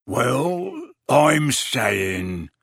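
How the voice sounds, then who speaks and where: A man voicing a huge, gruff half-giant groundskeeper who speaks slowly in a rustic dialect. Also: medium pitch, very animated, fairly bright tone, no room sound, clean studio sound, full character voice. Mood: tearful. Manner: rustic dialect, slow and tearful.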